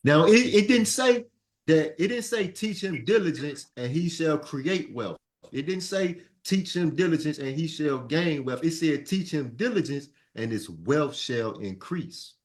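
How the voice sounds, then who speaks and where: Animated man teaching a Sunday class. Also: fairly high pitch, measured pace. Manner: animated, call-and-response, repeats phrases. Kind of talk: preaching lesson to a class.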